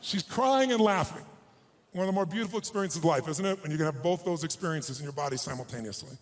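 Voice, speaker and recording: Speaking rapid-fire in a fairly high voice, a man shares an emphatic personal story in a motivational talk to a live stage audience. His delivery swings often from hushed quiet to loud strength, and the recording quality is low.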